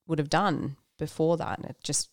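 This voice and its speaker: A woman's voice: low-pitched, normal speed, no echo, clean studio sound. A woman speaking candidly and reflectively in a casual conversation about her faith, often laughing and using fillers. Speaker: guest.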